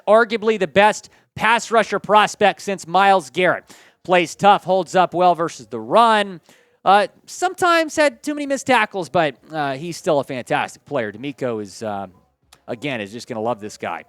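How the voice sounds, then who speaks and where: A man with a high, smooth, resonant voice hosts a sports news show, gushing with excitement. He is from Houston and his delivery swings between quick bursts and drawn-out stretches. The sound is close and dry. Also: dry recording. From Houston, Texas.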